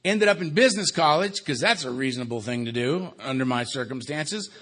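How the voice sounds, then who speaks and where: An older man from Los Angeles speaking to a live recovery meeting. He tells his story conversationally, laces it with dark, wry humor, and keeps checking in with "right?". His tone turns quiet and subdued for grave memories. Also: mid-range voice, animated, a little fast. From Los Angeles, USA. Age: 60s. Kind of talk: recovery talk to a live audience.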